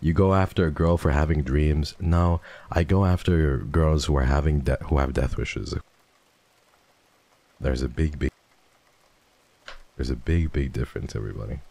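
A playful male streamer talks casually with his chat into a desk mic, thanking viewers and teasing them. His voice is deep, dark and gravelly, and its pitch swings widely as he drops in and out of theatrical voices. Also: normal speed, pauses often. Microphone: desk microphone.

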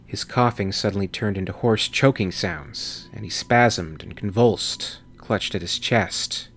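A man narrating a sci-fi horror audiobook with steady, measured reading. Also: fairly low pitch. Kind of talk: scripted narration.

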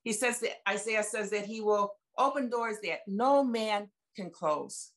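Her voice medium in pitch and measured in pace, a seventy-something guest speaker gives her personal faith testimony via video call. She chats in a folksy way and puts emphasis on the conversations she retells.

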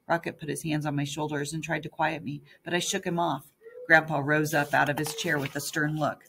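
A woman's voice: low-pitched, fairly even intonation, moderate pace, gravelly, fairly bright tone, slightly rough. A woman narrating an audiobook in the first person as a young girl.

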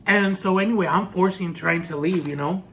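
A man vlogging a personal storytime as he eats, earnest and halting, with many restarts. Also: high-pitched, fairly bright tone, a little hiss or hum. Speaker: food vlogger. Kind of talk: storytime while eating.

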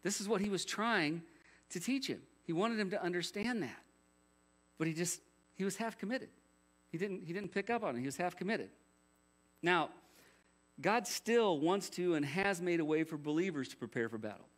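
A man's voice: high voice, animated, normal speed, pauses often. A man preaching a sermon as pastor, conversational, with rhetorical questions and jokey asides.

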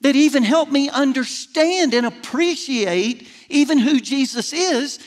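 A middle-aged pastor with a very high-pitched voice preaches at a measured pace, folksy and self-deprecating, working up to emphatic peaks. He addresses his congregation in a large church sanctuary, with long hall reverb.

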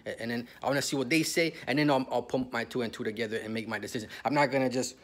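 A man's voice: medium pitch, fast talker, hardly any pauses, a bit bright. Man from Canada, heated profane storyteller, slangy street talk.

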